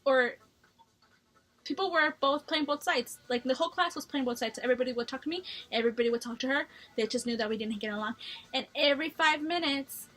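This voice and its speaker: High-voiced young woman telling a story. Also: brisk, fairly bright tone, faint music behind. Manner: blunt, profane, chatty storytelling. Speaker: vlogger. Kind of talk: casual storytime vlog.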